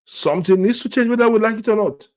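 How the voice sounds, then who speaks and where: A man's voice: sits high, fast talker. Exasperated man ranting, stammering repeats. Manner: repetitive, stammering restarts, exasperated rhetorical questions. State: angry and disappointed. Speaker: football fan channel host. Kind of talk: frustrated fan rant to camera.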